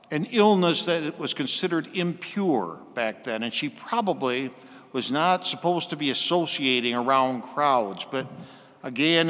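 A man preaching a sermon, slowing and softening his voice when he quotes scripture. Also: fairly high pitch, in a large hall.

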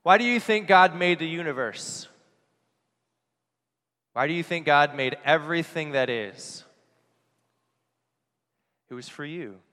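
A priest giving an earnest Christmas homily, asking rhetorical questions and dropping softly on key phrases. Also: male voice, on the high side, measured pace, long pauses. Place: church. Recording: long church reverb.

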